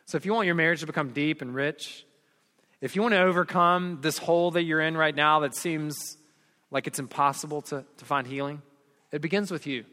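A pastor in his forties preaching a sermon, telling stories with rising energy and dropping to soft, earnest tones. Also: a little high, steady tone, a little fast. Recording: long hall reverb.

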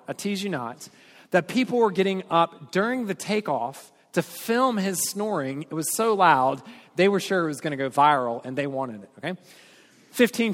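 A man delivering a sermon as pastor, telling stories with energy and then speaking earnestly and softly. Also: a little high. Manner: storytelling, animated then earnest and quiet. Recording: hall reverb.

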